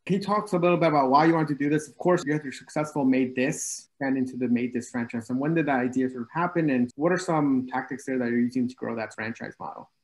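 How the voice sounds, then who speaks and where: A man's voice: medium pitch, fast, hardly any pauses, poor audio. A man hosting a casual interview, chatty and laughing often. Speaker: interview host.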